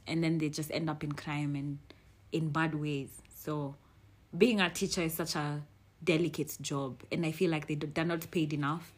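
A young woman, hosting a podcast in frank, animated casual chat and swearing freely. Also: low voice. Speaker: podcast host.

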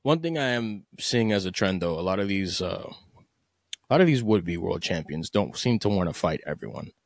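A man's voice: deep voice, expressive, normal speed, gravelly, dry recording, studio quality. A man hosting a podcast, giving blunt, opinionated, profane commentary in a casual solo talk. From United States. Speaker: podcast host.

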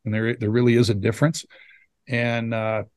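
A middle-aged man, a former hockey player telling stories in a casual interview, rambling and animated with lots of fillers. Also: medium pitch, normal speed, smooth, no room sound. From Saskatchewan, Canada. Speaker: former pro hockey player, now scout. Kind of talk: casual storytelling in a podcast interview.

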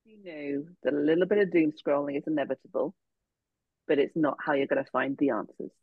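Giggly low-voiced woman storytelling. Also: fairly even intonation, fairly quick, husky, no echo. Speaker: podcast guest, visibility coach. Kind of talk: casual podcast chat. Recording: dull lo-fi podcast audio.

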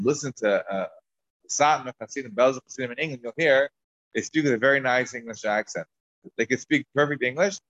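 In a Talmud class lecture, a man wanders through tangents and false starts in his mid-range voice. The audio is dry, dull, and lo-fi.

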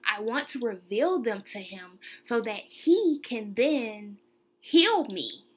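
Bright-voiced young woman, earnest podcaster. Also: medium pitch. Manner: earnest, confessional, peppered with "like". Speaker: podcast host. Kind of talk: casual faith podcast monologue.

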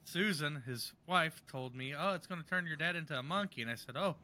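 A man's voice: fairly high pitch, fairly quick, sharp tone, slight background noise. A mildly drunk man co-hosting a casual podcast, blunt and vulgar. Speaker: podcast co-host. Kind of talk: crude casual banter.

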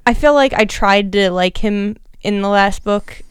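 A woman's voice: mid-range voice, a little slow, clean tone, no room sound. A young woman co-hosting a casual book-discussion podcast, frank and opinionated, with lots of "like" fillers. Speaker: podcast co-host.

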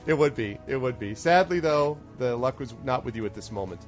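A man's voice: medium pitch, lively intonation, brisk, soft background music. A man narrating as game master, loose and chatty with many ums. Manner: loose, filler-heavy narration with frequent laughs.

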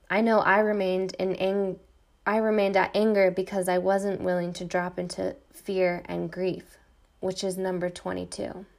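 This middle-aged woman's voice sits on the low side and is creaky. As podcast host, she reads from a script an intense, defiant personal monologue with repeated refrains.

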